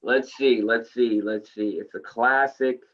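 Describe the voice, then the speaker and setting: A man's voice: mid-range voice, fairly even intonation, unhurried. A man with a Boston accent co-hosting an online news talk show, easygoing and thinking aloud. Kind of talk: casual chat. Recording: dull lo-fi audio.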